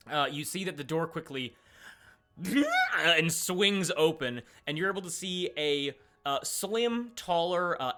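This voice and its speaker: A man's voice: mid-range voice, sharp tone. A man narrating a tabletop game as game master, rambling and filling his sentences with "uh" and "like". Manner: rambling, with many fillers.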